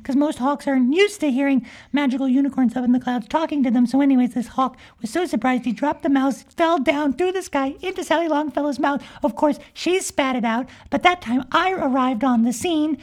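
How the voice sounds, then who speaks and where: A woman's voice: high voice, a little fast, few pauses, a little mellow, natural voice. A woman voicing a cheerful, mischievous young magical unicorn girl, telling a rambling, childlike comic story with giggles. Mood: chatty. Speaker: podcast character.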